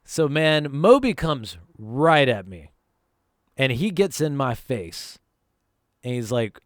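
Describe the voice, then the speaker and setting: Storytime vlogger from North Carolina, animated pitch, casual and swearing, dry close sound. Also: male voice, measured pace, no room sound. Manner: profane, conversational, emphatic. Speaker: vlog host telling a personal story.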